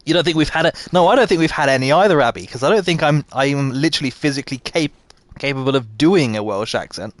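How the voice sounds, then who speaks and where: A man's voice: medium pitch, fast, no room sound. A man livestreaming a game, chatting with his viewers and laughing at himself. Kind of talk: live gameplay chat.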